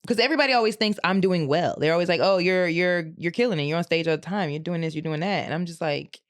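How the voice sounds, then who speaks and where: A woman's voice: fairly low pitch, fast. Slangy, laughing woman podcast host. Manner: slangy, swears freely, laughs while telling stories. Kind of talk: casual chat.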